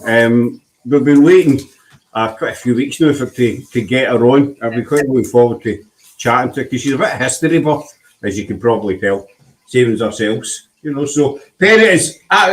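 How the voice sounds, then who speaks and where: A Scottish man hosting a relaxed chat show at an ordinary mid pitch. He talks in a chatty, self-deprecating way, with plenty of ums and restarts. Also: poor audio. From Scotland. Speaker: host. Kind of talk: casual chat.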